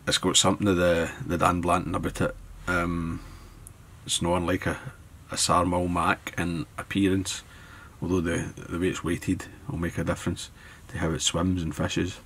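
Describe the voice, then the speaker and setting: A Scottish man narrates as he ties flies at his desk, laid-back and thinking aloud throughout the tutorial. He has a low, fairly bright voice with a flat delivery at normal speed, and there is slight background noise.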